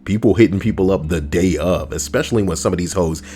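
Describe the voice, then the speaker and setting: A man's voice: low-pitched, quick pace, dark tone, soft background music. A man giving crude, mocking comedic reactions to stories he reads out, ranting as he goes. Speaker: online commentator.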